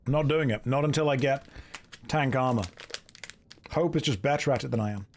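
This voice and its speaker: A man's voice: mid-range voice, a little fast, slight background noise. A British man live-streaming a game, chatting casually and joking as he reads out and riffs on viewer messages.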